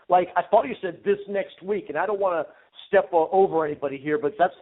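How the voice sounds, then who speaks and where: A man talking excitedly on a business call, stammering and full of hype. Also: high voice, quick pace, few pauses. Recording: tinny phone-line audio.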